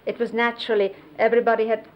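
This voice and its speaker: A woman recalling memories in an unhurried storytelling way, explaining and demonstrating hand gestures as she goes. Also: on the high side, little pitch movement, lo-fi sound. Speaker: close companion recounting memories of a spiritual teacher. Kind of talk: reminiscing storytelling. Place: 1970s videotaped sit-down interview.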